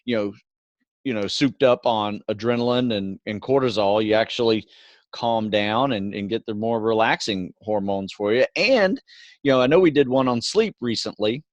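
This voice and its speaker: A middle-aged man co-hosting a podcast, explaining things in a relaxed, casual way and often adding "you know" and "right". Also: on the low side, normal speed, no room sound, muffled recording. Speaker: podcast co-host.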